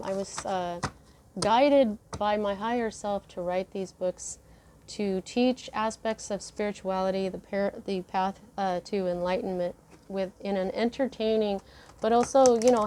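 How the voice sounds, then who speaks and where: A woman's voice: medium pitch, dark tone, slight background noise. Earnest, rambling woman reading tarot. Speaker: tarot reader. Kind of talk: casual spoken tarot reading.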